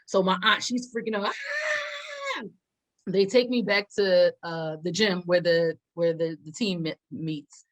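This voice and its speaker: A young adult woman co-hosting a podcast, telling a story in a lively way and acting out the quotes. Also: on the low side, moderate pace, few pauses, poor audio. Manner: animated storyteller, acts out quotes with loud laughs. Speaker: podcast co-host. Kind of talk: casual storytelling chat.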